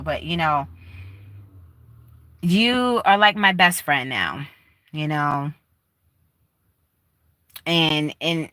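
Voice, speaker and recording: Woman livestream host, emphatic and heartfelt, bright lowish tone, dry sound. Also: dry recording. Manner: emphatic, heartfelt, talks straight to viewers. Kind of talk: casual livestream chat. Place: rented room in a shared house.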